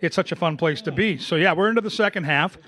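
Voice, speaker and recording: A man giving relaxed, knowing handicapping tips on a racetrack show. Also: sits high, fast. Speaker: horse racing handicapper. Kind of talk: casual analysis chat.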